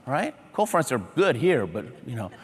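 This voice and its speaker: A motivational keynote speaker telling humorous stories in short, punchy phrases, checking in with a large audience. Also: male voice, medium pitch, sing-song, moderate pace, slight background noise. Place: large auditorium before a big audience. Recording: reverberant hall sound.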